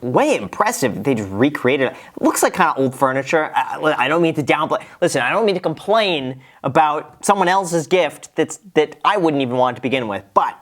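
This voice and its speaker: A man's voice: a little high, very animated, fairly quick, few pauses, a bit bright. A man, giving casual, joking reaction commentary with chuckles and restarts. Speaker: host reacting to a video.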